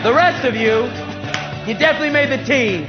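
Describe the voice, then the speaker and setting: Man playing a crude cocky young jock, shouty, mocking, cackles at his own jokes, squeaky high voice, swooping pitch. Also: lively intonation, a little fast, dull audio, over loud music. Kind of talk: comedic stage play acting.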